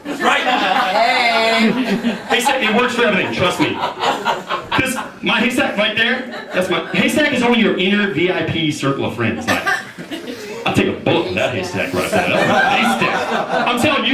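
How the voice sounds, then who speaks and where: A man in his thirties hosting stand-up comedy at a house party, joking loudly and bantering with the crowd. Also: high voice, lively intonation, fairly quick. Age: 30s. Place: large room in a house, with a live audience. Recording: roomy, distant mic, loud crowd.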